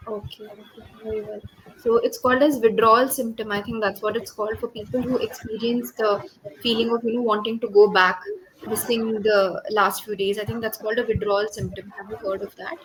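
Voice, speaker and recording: A woman's voice: medium pitch, little pitch movement, fairly quick, a little hiss or hum, poor audio. A woman with an Indian English accent teaching an online English speaking lesson, explaining step by step and encouraging her student over a video call.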